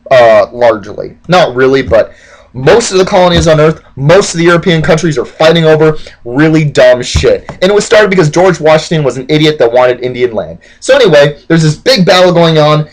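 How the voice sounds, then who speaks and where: A man running through history as a loose comedy bit, crude and rambling, with "like" in nearly every sentence. His voice sits a bit high and bounces all over in pitch. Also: rough recording. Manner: rambling, profane, heavy use of "like". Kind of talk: casual comedic storytelling.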